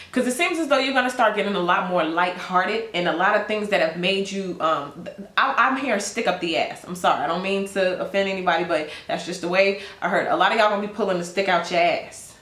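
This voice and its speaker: Chatty, blunt woman reading tarot, roomy sound. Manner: chatty and blunt, animated swings in pitch. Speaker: tarot reader. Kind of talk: casual tarot reading monologue.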